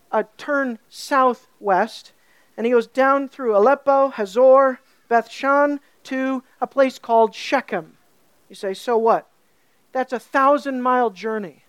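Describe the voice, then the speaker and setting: A woman preaching a sermon, animated, asking her listeners questions and stretching key words slowly for emphasis. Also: a little high, dry recording.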